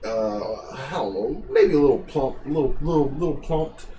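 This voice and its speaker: A man's voice: mid-range voice, animated, moderate pace, warm tone, slight background noise. A young man hosting a podcast, rambling through a school story in a loose, swear-heavy casual chat. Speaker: podcast host.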